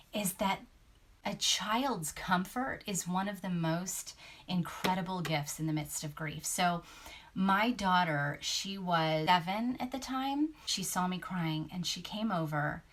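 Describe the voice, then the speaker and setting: A woman in her thirties talks on her podcast in a slightly low voice. She is candid and earnest, and her voice drops almost to a whisper at tender moments. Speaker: podcast host. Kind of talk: reflective podcast talk.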